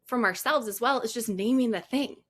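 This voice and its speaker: A woman's voice: a little high, fairly quick, a bit bright. A woman mental health counselor talking through ideas in an interview, conversational and often checking in with "right?". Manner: conversational, often asks "right?" and acts out quoted voices. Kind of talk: casual explanatory talk in an interview.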